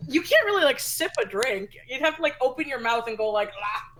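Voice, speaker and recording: A woman joking with her friends during a tabletop role-play. Her high voice is animated and swings widely. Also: brisk, a little hiss or hum. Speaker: player. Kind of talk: casual tabletop chat.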